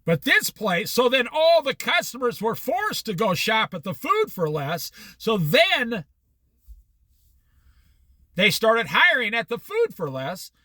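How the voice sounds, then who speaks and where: Animated high-voiced man telling stories. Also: no echo. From United States. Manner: rambling, anecdotal, with restarts and quoted dialogue. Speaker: vlogger telling personal stories. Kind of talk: casual storytelling monologue.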